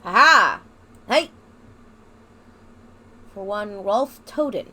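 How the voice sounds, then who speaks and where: A woman's voice: medium pitch, lively intonation, drawn-out words, pushed and bright, slight background noise. A young woman playing a video game and chatting, playful and sarcastic. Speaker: gamer. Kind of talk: let's play commentary.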